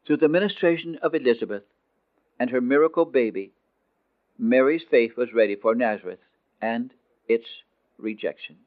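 A man narrating a dramatic story in a scripted, expressive way, slowing down on emotional phrases. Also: medium pitch. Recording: tinny phone-like dry recording.

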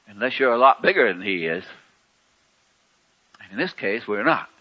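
A man preaching a sermon in a folksy, conversational way, with wry humor and sharp swings between loud and soft. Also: lowish voice, very animated, normal speed, lo-fi sound.

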